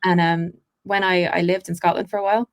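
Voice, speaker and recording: A woman with an Irish accent, an actress and accent coach, telling stories in a chatty podcast interview, quick and full of restarts. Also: fairly low pitch, flat delivery. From Ireland.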